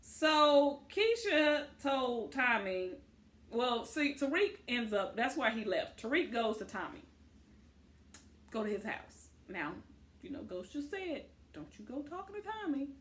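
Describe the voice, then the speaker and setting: A woman's voice: fairly high pitch, very animated, takes it slowly, a bit bright. A woman co-hosting a casual show recap, retelling scenes and acting out the characters' lines. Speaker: podcast co-host.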